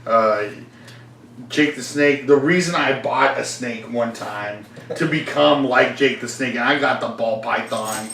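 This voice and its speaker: A man's voice: medium pitch, a little slow, gravelly, a bit bright. A young man casually chatting as a podcast host, rambling, laughing often and acting out the voices of people in his stories. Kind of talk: casual chat. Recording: echoey room from far off, faint noise.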